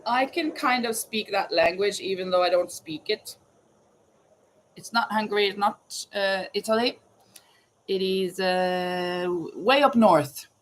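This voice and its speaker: A woman's voice: medium pitch, measured pace, slight background noise, poor audio. A woman hosting a casual live chat, reading trivia questions aloud and greeting viewers by name. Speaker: livestream host running a trivia quiz.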